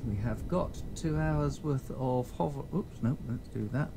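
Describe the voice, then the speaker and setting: A man streaming a space survival game, talking casually in a halting, rambling way full of fillers and restarts. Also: medium pitch, creaky. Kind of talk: casual gameplay chat. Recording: noisy game sound behind the voice.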